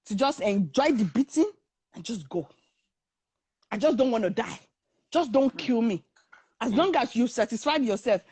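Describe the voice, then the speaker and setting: A young woman recounts her story in a lively, conversational way, switching into the voices of the people she quotes. Her voice sits a little high for a woman. The recording is close and dry, with no room sound. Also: breathy edge, dry recording. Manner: animated, acts out the voices of others in her story. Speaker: guest telling her story. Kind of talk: casual storytelling.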